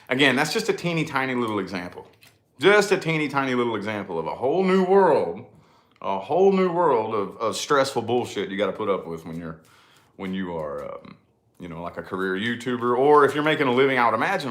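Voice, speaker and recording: A man's voice: medium pitch, a bit bright, reverberant. A man chatting casually to his viewers, emphatic and repetitive, swearing freely. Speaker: YouTuber and channel host. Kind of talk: casual chat to camera.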